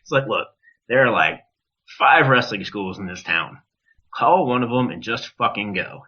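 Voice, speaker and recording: Speaking at a moderate pace in a fairly low voice, a man who wrestles guests on a podcast and spins a casual, animated tale. He swears and voices other people's lines himself, all captured in dull lo-fi audio.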